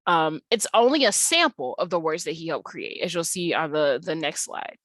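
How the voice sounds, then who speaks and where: A woman's voice: low voice, animated, normal speed, hardly any pauses, a bit bright, no echo. A woman teaching an English class in a recorded slide tutorial, explaining casually with lots of fillers and restarts.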